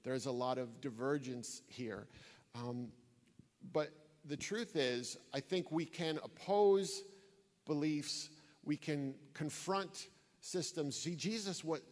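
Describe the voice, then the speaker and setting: A man's voice: mid-range voice, takes it slowly, a little mellow, long reverb tail. A man giving an earnest sermon-style talk to a church audience, telling stories and repeating key phrases for emphasis. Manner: earnest storytelling, emphatic repetition. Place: church hall before an audience.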